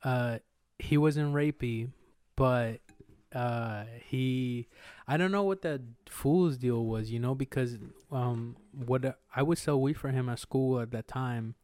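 A man's voice: medium pitch, a little slow, hardly any pauses, a little mellow, no room sound. A young man co-hosting a podcast, telling rambling, slangy stories and acting out quotes with swearing. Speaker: podcast co-host. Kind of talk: casual storytelling chat.

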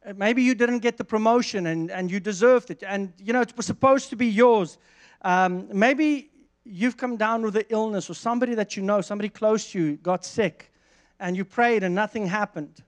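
High-voiced man preaching a sermon. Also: normal speed, clean tone. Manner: animated storyteller, frequent restarts, laughs. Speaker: pastor. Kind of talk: sermon with personal anecdote.

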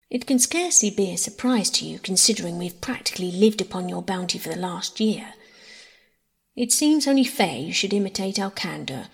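A woman reading the lines of an eager, frank young man in a brisk, candid way. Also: mid-range voice. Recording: husky voice in long reverb.

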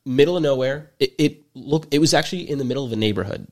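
A man's voice: medium pitch, fast talker, a little mellow. A man in his twenties telling a story in casual chat, rambling with many fillers and restarts, and wry and jokey in his delivery. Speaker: podcast storyteller.

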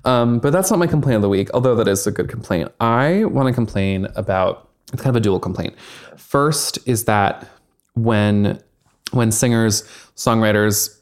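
A man's voice: on the low side, moderate pace. A young man co-hosting a casual podcast chat, rambling with lots of fillers and the odd swear. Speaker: podcast co-host.

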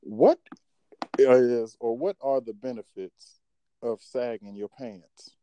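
A man's voice: mid-range voice, slow pace, mellow, slight background noise. A man in his thirties co-hosting a casual chat, frank and profane, acting out mock quotes as he makes his points. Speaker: podcast co-host.

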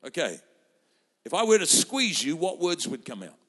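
A man's voice: a little high, sing-song, moderate pace, a bit bright, husky. A man preaching a sermon as pastor, fervent and rousing, quoting scripture and acting out voices for the crowd. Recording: reverberant hall.

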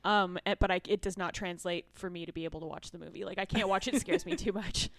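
A woman's voice: lowish voice, fast talker, gravelly, dry recording, studio quality. A woman on a casual podcast talking hesitantly, with many ums and restarts. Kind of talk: casual chat.

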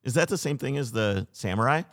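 A man's voice: mid-range voice, animated, fairly quick, fairly bright tone. A man playing a casual car trivia game with friends, competitive and boastful. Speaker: quiz contestant. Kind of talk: casual chat.

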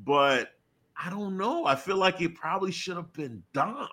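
Lively, bright-voiced male stream host. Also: sits high, moderate pace. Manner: animated, laughs often, loose filler-heavy talk. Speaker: co-host of a wrestling talk stream. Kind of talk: casual chat.

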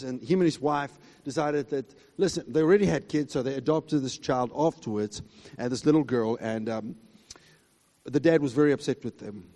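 A man preaching a sermon emphatically, swinging between loud high exclamations and quiet asides. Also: big-room sound. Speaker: pastor.

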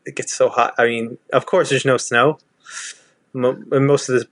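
A man's voice: medium pitch, flat delivery, moderate pace, dry recording. Man, Southern accent, casual rambling chat, dry close sound. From Texas. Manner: rambling, many restarts and fillers.

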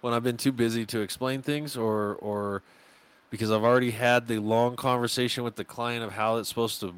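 A man's voice: medium pitch, a little fast, smooth. Man, podcast guest, casual chat, acts out quotes, cusses. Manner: animated storyteller, acts out quotes, swears freely. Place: podcast studio.

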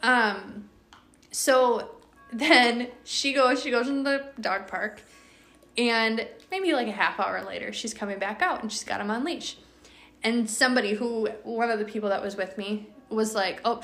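Young woman podcaster rambling through a story, kinda high voice, echoey room. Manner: chatty, animated, lots of fillers. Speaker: podcast host. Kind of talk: casual storytelling.

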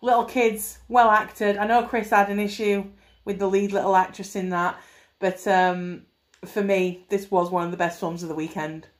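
A woman gushes through a casual film review chat. She is enthusiastic, animated and swears freely as she runs the show. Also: mid-range voice, normal speed. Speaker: podcast co-host.

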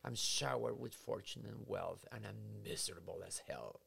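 A psychotherapist explaining ideas in conversation, acting out scenarios in quoted voices. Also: male voice, lowish voice, normal speed, creaky, fairly bright tone, husky. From Latin America.

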